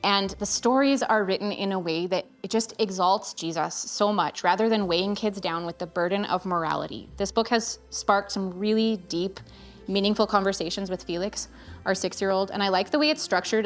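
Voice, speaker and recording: A woman in her thirties talking to camera as a parent, recommending gifts in an earnest, chatty way. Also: medium pitch. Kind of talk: casual review vlog. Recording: faint music behind.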